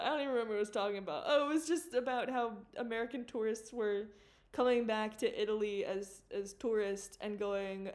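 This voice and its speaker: This fairly high, darkish female voice moves at a brisk clip. She's an animator livestreaming from her home studio computer, talking casually as she works, rambling along with plenty of giggles and free swearing.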